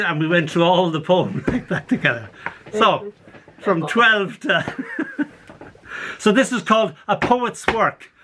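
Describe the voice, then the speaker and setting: Older man, poet, fairly high voice, animated and laughing, reading over a video call. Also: a little slow, slight background noise. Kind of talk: poetry reading with anecdotes.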